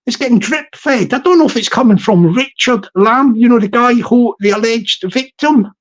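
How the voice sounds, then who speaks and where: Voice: medium pitch, moderate pace, muffled recording. Rambling, repetitive livestream host. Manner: rambling, repeats phrases, many restarts; effusive greetings to chat viewers. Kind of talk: casual livestream commentary.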